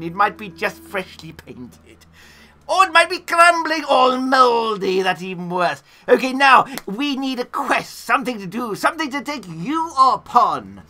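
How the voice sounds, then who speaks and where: A woman in costume, hosting a live role-play adventure and chatting playfully with viewers, swinging from hushed asides to booming announcements. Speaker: costumed storyteller and game master. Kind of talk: live role-play storytelling to a streaming audience.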